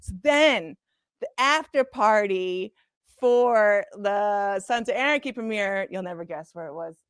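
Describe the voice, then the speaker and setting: A woman guest on a podcast, telling stories in a casual, animated, profane way, full of "like" fillers. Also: mid-range voice, measured pace, clean tone, no echo, clean studio sound. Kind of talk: casual storytelling chat. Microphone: podcast studio mic.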